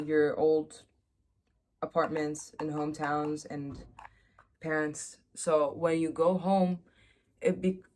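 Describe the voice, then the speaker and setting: A woman's voice: sits low, darkish tone, a little hiss or hum. Candid, chatty young woman vlogger. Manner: chatty, candid, self-mocking storyteller. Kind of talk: casual confessional chat.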